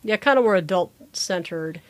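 A woman co-hosting a casual chat, relaxed and easygoing, often trailing off softly. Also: fairly low pitch, moderate pace. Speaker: podcast co-host.

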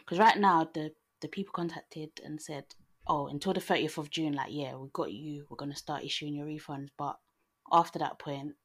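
A young woman speaks in a low, husky voice. She is easygoing and laughs often. She explains things in a plain, chatty way. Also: steady tone, normal speed. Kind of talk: casual chat.

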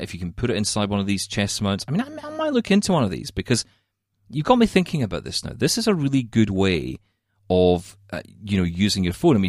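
Animated Scottish man ranting about tech. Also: sits low, no echo, clean studio sound. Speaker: podcast host. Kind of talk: casual tech chat. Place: home studio.

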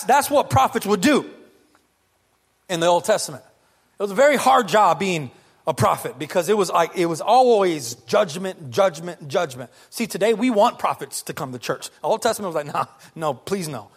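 Pastor guy preaching, kinda high voice, throws out questions at the crowd, casual and lively. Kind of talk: sermon.

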